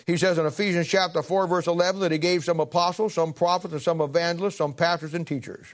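A man preaching as pastor, swelling and slowing to read scripture, then falling back into chatty asides, clearing his throat now and then. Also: on the high side, fairly even intonation. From Ohio, United States. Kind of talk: sermon.

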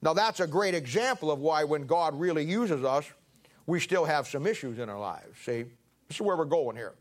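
A man preaching in a loose, folksy way, wandering through a long anecdote before landing the lesson. His voice sits a little higher than most men's. He trips over his words and starts lines again. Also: animated, moderate pace. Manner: folksy, rambling anecdotes with restarts. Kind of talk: sermon with storytelling.

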